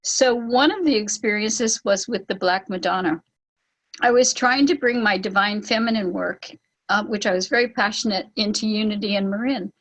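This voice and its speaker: A woman leading a spiritual online gathering, telling a story with lively acted-out quotes and laughs. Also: mid-range voice, moderate pace, low-quality recording. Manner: animated, acts out quoted voices with laughs. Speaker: spiritual teacher and ceremony leader. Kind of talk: storytelling talk on an online call.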